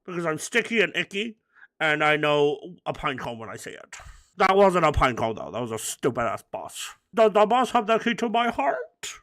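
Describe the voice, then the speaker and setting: Male gamer commentator, slightly higher voice, rambling absurd crude humor, mumbles then bursts out loud. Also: sing-song, normal speed. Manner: swings between mumbling and loud outbursts. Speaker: gaming commentator. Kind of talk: let's play commentary.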